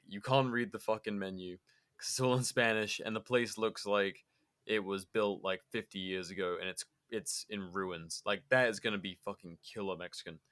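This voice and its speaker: A young man co-hosts a podcast, rambling through stories in casual chat, swearing freely and laughing often. His voice is fairly low yet fairly bright, with a clean tone.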